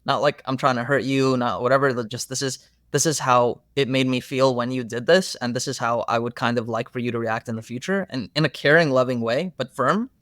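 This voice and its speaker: A man's voice: medium pitch, brisk, no room sound. Young male therapist, casual podcast guest, eager storyteller, dry close-miked sound. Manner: earnest, animated storytelling with many fillers.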